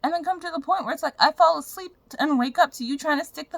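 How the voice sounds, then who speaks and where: A woman's voice: high-pitched, quick pace, vocal fry, few pauses, no echo. A young woman vlogging in a frank, profane, rambling way about her personal life. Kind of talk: candid personal vlog rant.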